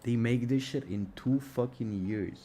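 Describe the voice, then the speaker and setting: A man's voice: medium pitch, measured pace, dark tone. A young man ranting on a casual live stream, exasperated and sarcastic, swearing and calling everyone "bro", with his mic right at his mouth. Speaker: livestream trading streamer.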